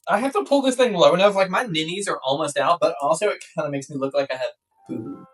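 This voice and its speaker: A woman's voice: deep voice, fast, breathy edge. A young woman vlogging life tips in a blunt, playful way, swearing often. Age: young adult. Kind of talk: casual chat to camera. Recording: distant mic with background music.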